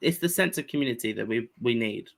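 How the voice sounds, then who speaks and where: A man co-hosting a podcast in casual chat, earnest and halting, often restarting his sentences. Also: mid-range voice, expressive, gravelly, a bit bright. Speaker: podcast co-host.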